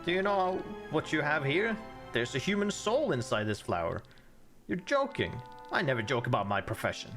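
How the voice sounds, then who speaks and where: Male streamer doing mystic woman, pitched up, reads game lines over faint game music. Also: sing-song, normal speed. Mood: intrigued. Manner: reads game dialogue aloud, raised pitch.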